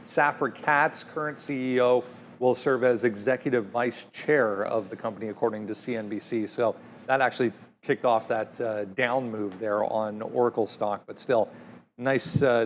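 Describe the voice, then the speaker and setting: A man hosting a live market show, running through company and economic news in a steady, informative way. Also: medium pitch, normal speed, slight background noise. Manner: steady, informative, many fillers. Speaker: stock market show host.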